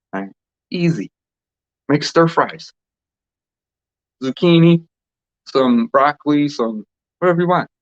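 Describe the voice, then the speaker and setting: A man's voice: mid-range voice, muffled recording. A man hosting a casual motivational monologue, rambling and repeating phrases, laughing often. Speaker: host.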